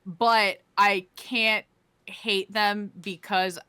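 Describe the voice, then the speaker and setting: Bright-voiced woman ranting about hockey. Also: medium pitch, fairly even intonation, drawn-out words, smooth. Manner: profane, fired-up ranting. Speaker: podcast co-host. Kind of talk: casual hockey chat.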